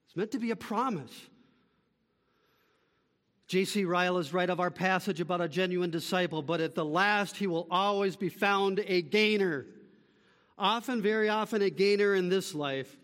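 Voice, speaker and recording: A man preaching a sermon as pastor, emphatic, swinging between loud calls and quiet, slow summaries. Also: sits high, long reverb tail.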